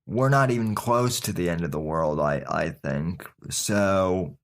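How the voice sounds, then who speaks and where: A man hosting his podcast, giving casual opinion commentary in a folksy, sarcastic way and calling his listeners folks, with many fillers and restarts. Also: sits low. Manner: halting, with frequent fillers and restarts. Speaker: podcast host.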